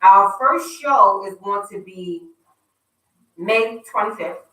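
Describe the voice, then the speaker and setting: A woman hosts a casual radio talk show, chatty and teasing as she plugs an upcoming event. Her voice is bright and forceful. It sounds roomy, as if she sits a bit back from the mic. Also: mid-range voice, animated, slow pace, recorded from a distance. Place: radio studio.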